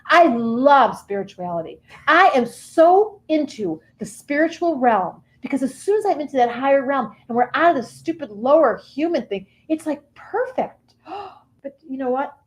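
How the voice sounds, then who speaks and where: Woman playing a whiny high-voiced Cancer. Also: big pitch swings, normal speed, poor audio. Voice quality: whiny, melodramatic, self-pitying. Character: whiny, oversensitive woman embodying the Cancer sign. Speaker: comedic character performer. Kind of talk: improv comedy character.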